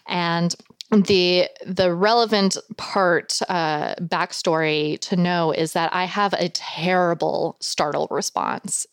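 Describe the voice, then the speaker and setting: A woman's voice: on the low side, clear, resonant tone, no echo. A woman being interviewed as a guest about her animal behavior work, telling stories in a chatty, rambling way and laughing often. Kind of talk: casual podcast interview storytelling.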